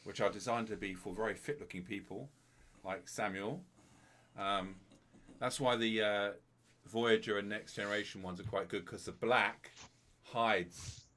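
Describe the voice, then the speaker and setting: A man's voice: fairly low pitch, steady tone, unhurried, fairly bright tone. A middle-aged man, chatting as a guest on a live stream with dry, self-deprecating humor. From England. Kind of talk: casual live-stream chat.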